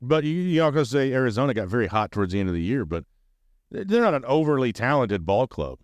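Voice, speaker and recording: A man's voice: medium pitch, very animated, fast, dry recording. A man hosting a sports podcast, talking casually and animatedly as a fan, rambling and swearing freely. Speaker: podcast host.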